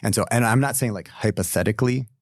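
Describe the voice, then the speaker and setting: A man's voice: on the low side, fast, no room sound, studio quality. A man, a pastor, talking earnestly and reflectively in a casual podcast discussion.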